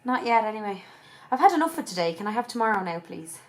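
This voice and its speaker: This is a young woman vlogging in a casual, chatty way, worn out and a little subdued. She tells a story with plenty of swearing and fillers, and her voice sits at a middle pitch. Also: big pitch swings, fast. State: tired. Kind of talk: casual chat.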